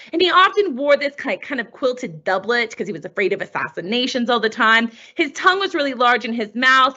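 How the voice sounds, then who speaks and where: A woman teaching a history lesson over slides, chatty and full of rhetorical questions. Her voice is bright and sits a little high. It swings up and down a lot, and the audio is dull and lo-fi.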